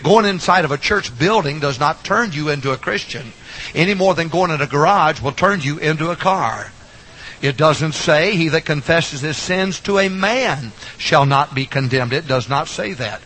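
Middle-aged man, pastor, high bright husky voice, folksy and emphatic sermon delivery. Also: animated, normal speed, slight background noise, poor audio. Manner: folksy, emphatic, repeats lines for effect.

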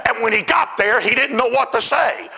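A man preaching a sermon, telling stories with fervour and often shouting. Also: very high-pitched, expressive, normal speed, vocal fry, breathy edge, rough recording. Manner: fervent storytelling, often shouting.

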